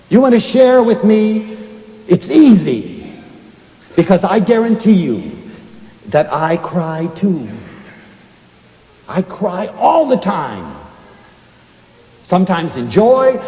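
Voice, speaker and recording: Male inspirational lecturer, mellow tone, very animated pitch, long hall reverb. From United States. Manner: emotional and expressive, swinging between hushed and emphatic. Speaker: university lecturer and inspirational speaker. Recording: echoey lecture hall recording.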